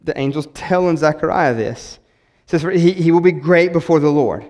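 A man, preaching a sermon in an animated way, repeating words and acting out quotes. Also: fairly high pitch, moderate pace. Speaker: pastor. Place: church sanctuary. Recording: long hall reverb.

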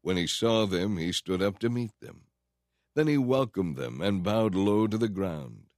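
A man giving a steady, measured scripted narration of a Bible story. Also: deep voice, no room sound, clean studio sound. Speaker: scripture reader.

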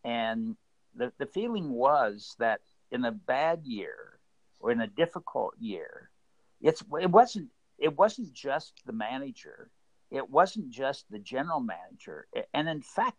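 A man's voice: mid-range voice, no echo, rough recording. An older man, a former baseball executive, telling stories earnestly in an interview, often repeating and restarting words. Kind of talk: conversational storytelling.

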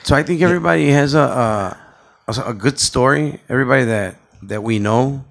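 A man's voice: mid-range voice, a little fast, gravelly. A man co-hosting a casual podcast, talking loosely and profanely and slipping between English and Spanish, with a Chicago accent. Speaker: podcast co-host.

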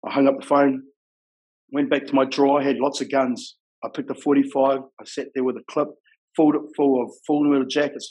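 A middle-aged man with a New Zealand accent and a husky, slightly breathy voice at a mid pitch. He talks plainly and frankly in a rough-edged, casual way, dropping "bro" into nearly every thought. It sounds like an interview guest speaking candidly. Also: darkish tone, poor audio. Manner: rough-edged, frank, says "bro" and "you know what I mean" often. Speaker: guest telling his life story. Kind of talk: casual storytelling.

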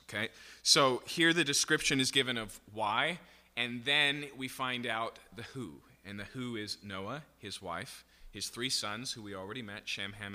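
A man with a lowish, very bright and forceful voice gives a sermon-style Bible teaching. He explains patiently and keeps checking in with his listeners. His voice rings with a long reverb, as in a large hall. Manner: explanatory, checks in with repeated "okay?".

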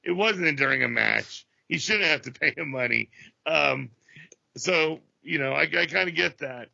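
A man's voice: fairly high pitch, lively intonation, a little slow, creaky, pushed and bright, no echo. A man co-hosting a casual podcast, putting questions to the others and giving blunt opinions. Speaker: podcast co-host. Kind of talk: casual chat. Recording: dry, dull lo-fi audio.

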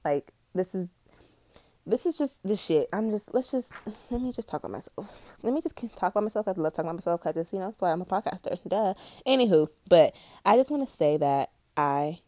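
A young woman hosting a podcast, rambling in a blunt, profane, scattered way while high. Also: lively intonation, fairly quick, mellow, dry recording. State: high on weed. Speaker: podcast host. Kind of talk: casual rambling monologue.

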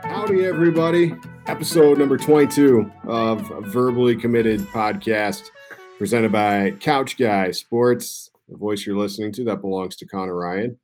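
A man's voice: fairly low pitch, normal speed, darkish tone, faint music behind. A young man co-hosting a sports podcast, talking loosely and rambling, swearing casually. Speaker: podcast co-host.

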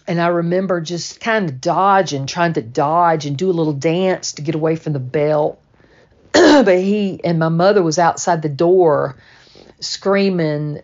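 A woman from Georgia telling a personal memory in a slow, plainspoken and candid way. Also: deep voice, a little mellow, highs cut off. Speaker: storyteller. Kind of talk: personal memoir storytelling.

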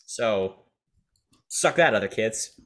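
A man's voice: on the low side, expressive, slow pace, a bit bright. A young man co-hosting a podcast in casual chat, crude and joking, swearing often. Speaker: podcast co-host.

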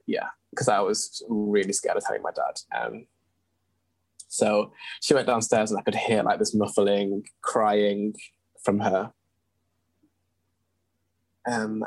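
Husky low-voiced young man. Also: no echo, low-quality recording. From England. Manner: earnest, candid, with frequent ums and restarts. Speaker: guest. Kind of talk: casual storytelling in an interview.

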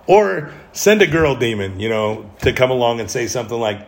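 A man's voice: medium pitch, fairly quick, hardly any pauses. A middle-aged man hosting a solo podcast, talking candidly in a rambling way with self-deprecating humor. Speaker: podcast host.

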